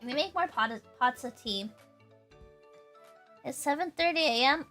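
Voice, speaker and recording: A woman's voice: high-pitched, moderate pace, pauses often, pushed and bright, soft background music. A young woman hosting a casual livestream chat, rambling through stories and breaking into giggles. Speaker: livestream host.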